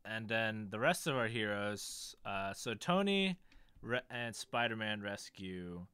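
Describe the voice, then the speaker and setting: A man casually recapping a movie plot on a podcast, with animated, playful storytelling and frequent laughs. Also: fairly low pitch, slow, smooth, no echo. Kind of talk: casual film recap chat.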